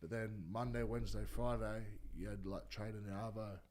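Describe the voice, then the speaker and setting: Low-pitched Australian man, former rugby league player, casual rambling chat, lots of fillers and swearing. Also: steady tone, normal speed, a little mellow. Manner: rambling, swears freely, many fillers and restarts.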